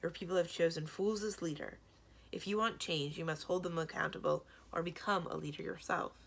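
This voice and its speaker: A woman voicing a stern, commanding female guardian of a magic realm in a read-aloud storybook, speaking in a measured, lecturing way. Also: lowish voice, steady tone, vocal fry, fairly bright tone.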